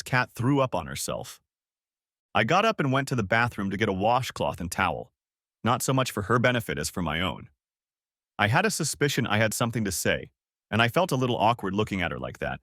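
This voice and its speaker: A man's voice: on the low side, very animated, a little fast, a bit bright, dry recording, studio quality. A man narrating a first-person revenge story in a dramatic, sarcastic storytelling manner. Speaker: audiobook narrator.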